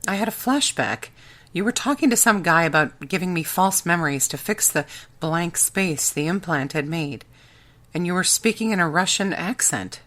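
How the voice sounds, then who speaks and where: A woman's voice: lowish voice, animated, moderate pace, fairly bright tone. A woman narrator voicing a blunt, pushy male secret agent in an audiobook.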